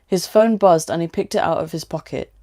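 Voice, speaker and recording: A woman reading a story aloud, narrating steadily and unhurried. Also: on the low side, dark tone.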